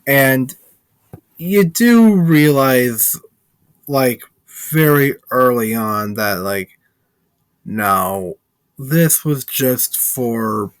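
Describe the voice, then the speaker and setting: A man's voice: mid-range voice, lively intonation, very slow, no room sound. A man reviewing a film in a casual, rambling plot recap, heavy with filler words.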